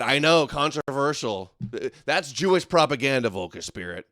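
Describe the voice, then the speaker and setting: A man's voice: fairly high pitch, lively intonation, measured pace, fairly bright tone, no echo, studio quality. A man hosting a livestream, commenting sarcastically on clips and reading out donations. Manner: sarcastic, mocking, laughs often. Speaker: host.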